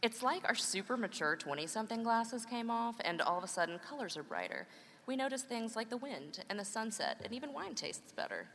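A woman's voice: fairly high pitch, sing-song, fairly quick, fairly bright tone, a little hiss or hum. A woman in her thirties, a mother and co-host, reading a scripted conversation with wry, playful humor. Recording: long hall reverb.

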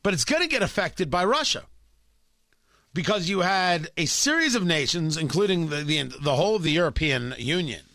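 Male talk host, sarcastic and emphatic opinion delivery, bright, forceful tone. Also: fairly high pitch, expressive, moderate pace, no room sound, clean studio sound. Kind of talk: opinionated political talk commentary.

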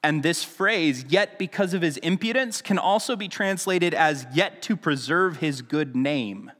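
A man's voice: on the high side, animated, unhurried, fairly bright tone, in a large hall. A man preaching a sermon in a casual, conversational teaching style, with frequent restarts and asides. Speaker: pastor.

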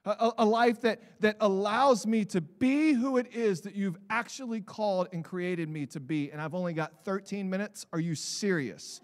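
A man preaching a sermon as pastor of his church, animated, building to shouts and putting on mock voices for examples. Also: high-pitched, normal speed, hardly any pauses, big-room sound. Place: church sanctuary.

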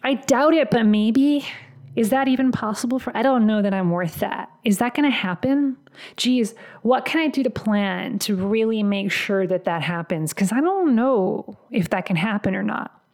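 A woman's voice: medium pitch, very animated, moderate pace, gravelly, a little mellow. Woman putting on a fretful Canadian job seeker. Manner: hesitant, fretful questioning.

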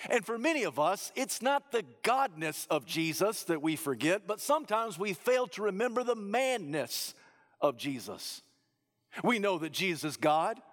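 A man preaching a sermon, rising to loud emphatic peaks and dropping to low, hushed phrases. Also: sing-song, moderate pace, in a large hall.

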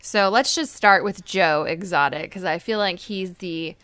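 A woman hosting a casual talk show, chatty and quick to laugh. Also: on the low side, a bit bright, no echo. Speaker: podcast host. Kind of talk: casual chat.

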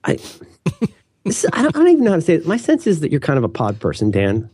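A man co-hosting a casual podcast chat, rambling and teasing his co-host, with lots of restarts and an animated delivery. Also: fairly high pitch, quick pace, breathy edge, no echo, clean studio sound. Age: adult with a daughter.

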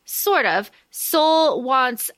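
Woman co-host, bright and a little high, animated plot recapper, dry close mic. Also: dry recording. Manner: animated, recaps plot in quick bursts with quoted voices. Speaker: podcast co-host. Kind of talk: casual book-discussion chat.

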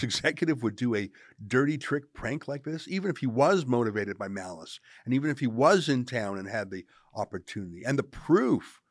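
Sarcastic male commentator, lively delivery. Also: medium pitch, no room sound, clean studio sound. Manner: sarcastic, argumentative. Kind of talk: opinion commentary.

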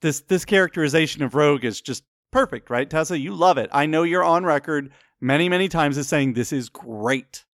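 A man's voice: a little high, fairly quick, hardly any pauses, fairly bright tone, no room sound, studio quality. A man co-hosting a film discussion, mixing scripted narration with playful, wry banter. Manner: playful, wry, self-deprecating. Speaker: co-host of a film discussion show.

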